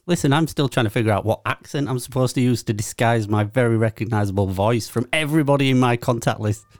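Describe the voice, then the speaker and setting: Guy, blunt jokes, dry close sound, middle pitch. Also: fast, no room sound. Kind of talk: casual chat.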